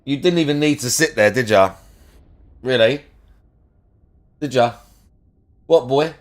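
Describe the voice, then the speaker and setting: A man's voice: medium pitch, unhurried. A man chatting casually on a live stream, crude and sweary, teasing his cat and ranting between plays.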